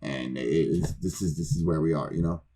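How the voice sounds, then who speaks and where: Podcast co-host, low voice, casual swearing storyteller who plays every part of his anecdotes himself. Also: a little fast, warm tone, breathy edge. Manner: profane, rambling, acts out both sides of conversations.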